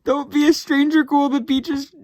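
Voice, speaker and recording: A man voicing a bubbly teenage mermaid sea-monster girl in a high, sweet, gushing tone. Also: level tone, normal speed, darkish tone, no room sound.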